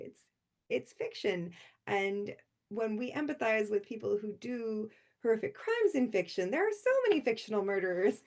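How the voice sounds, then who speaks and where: Woman author, gravelly fry, loose rambling chat full of laughs. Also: a little high. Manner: rambling, laughs often between thoughts. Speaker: author speaking at a convention livestream. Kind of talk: chatty informal talk before a reading.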